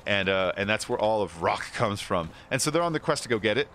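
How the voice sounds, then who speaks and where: A man's voice: on the low side, expressive, a little fast, a bit bright, slight background noise. Rambling laughing man streaming a game. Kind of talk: casual gaming stream chat.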